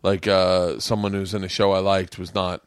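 A middle-aged man tells a long, animated story on his podcast and acts out each person in it. He swears freely, and his voice is recorded dry and close to the mic. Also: low-pitched, moderate pace, clean tone, dry recording. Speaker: podcast host. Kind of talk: casual chat.

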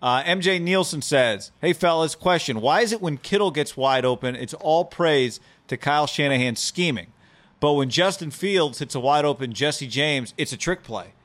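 A man's voice: a little high, animated, a bit bright. Man rattling off podcast ad reads. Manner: rapid ad reads, playful. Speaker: podcast co-host. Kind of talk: casual sports podcast chat with ad reads.

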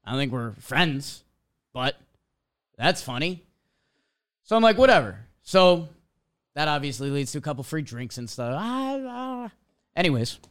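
A man's voice: mid-range voice, clean tone. A young man telling a casual story as a podcast host, acting out little quotes as he goes. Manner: animated storytelling, acts out quotes.

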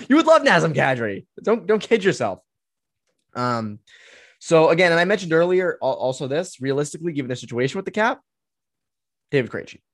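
A young man hosts a solo sports podcast in a relaxed, opinionated way, filling pauses with ums and uhs. His voice sits at a middle pitch. The recording is close and dry, with no room sound. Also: no echo. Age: 20s. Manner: casual, opinionated, many fillers. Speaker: podcast host. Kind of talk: solo sports podcast, answering listener questions.

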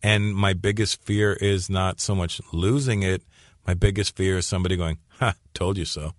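A comedian in his forties, from Canada, tells stories with quick restarts and repeated phrases. His voice sits low. The recording is dry and close. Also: fairly even intonation, no echo. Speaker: comedian guest. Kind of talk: conversational storytelling interview.

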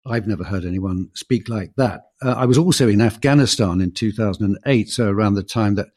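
A middle-aged British man co-hosts a conversational history podcast, his voice sitting on the low side. He talks in a measured, reflective way, pausing with fillers as he recounts things he has seen. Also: darkish tone. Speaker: podcast co-host.

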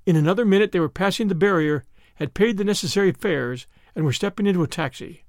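A man narrating a novel in an expressive storytelling manner. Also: sits high, fast talker, gravelly, no room sound, studio quality. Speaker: audiobook narrator. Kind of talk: scripted narration.

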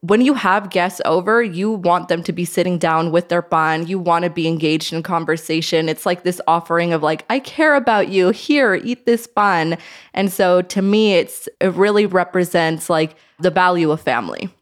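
A woman's voice: lowish voice, steady tone, normal speed, hardly any pauses. A woman from Idaho chatting as a guest on a podcast, enthusiastic and reflective, often saying "I feel like". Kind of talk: casual podcast chat.

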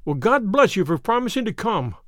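A man's voice: sits high, very animated, a little fast, no echo, studio quality. A man voicing an anxious, ailing young male diplomat who speaks fervently and earnestly.

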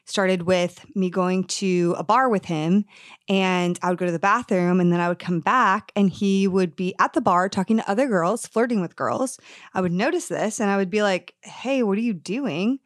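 A woman in her thirties talks as a podcast host in an earnest and candid way, mixing personal story with advice. Her voice sits in a middle pitch. It is recorded close and dry, with no room sound. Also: normal speed, no echo. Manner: earnest, candid, acts out quoted dialogue.

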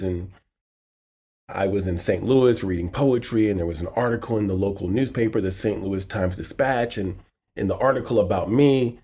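A middle-aged man tells a long personal story as a guest on a podcast. His voice sits low and has a husky edge. He animates the quoted lines and goes softer when the story turns sad. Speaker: guest author and poet.

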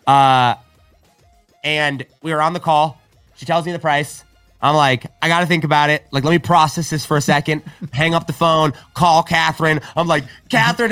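A man with a bright, forceful voice talks animatedly on a podcast and slips into quoted dialogue as he tells stories. He says "right?" and "like" constantly. He is recorded dry and close, with faint music behind him. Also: fairly high pitch, no echo. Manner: frequent filler "right?" and "like". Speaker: podcast guest. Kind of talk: casual podcast conversation.

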